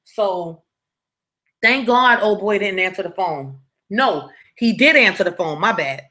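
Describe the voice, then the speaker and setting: A woman's voice: medium pitch, animated, a little slow, bright, forceful tone. A young woman casually telling a personal story to her viewers, slangy and conversational, often checking that listeners follow.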